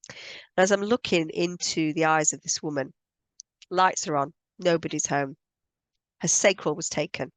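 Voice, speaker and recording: A woman's voice: low-pitched, dry recording. A woman speaking as a spiritual healer, explaining her views in an earnest, emphatic monologue and repeating points for stress. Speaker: spiritual healer teaching on energy.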